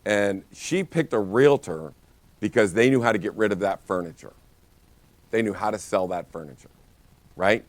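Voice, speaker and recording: A man's voice: lowish voice, moderate pace, long pauses, no room sound. A man teaching a real estate training session, telling stories with lots of energy and frequent restarts. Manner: energetic storytelling with many restarts. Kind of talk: live training talk.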